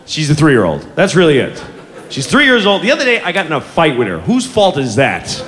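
A man in his forties doing stand-up, telling a story in a profane, self-mocking, animated way. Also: fairly high pitch, fairly quick, long reverb tail. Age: 40s. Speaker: stand-up comedian. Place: comedy club stage with audience. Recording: live club room with crowd and noise.

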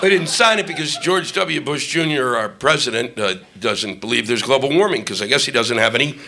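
Recorded live on a club stage, a man does a ranting, profane stand-up set, shouting his punchlines to a laughing audience, with a faint crowd audible. His gravelly, medium-pitched voice is animated and a little fast.

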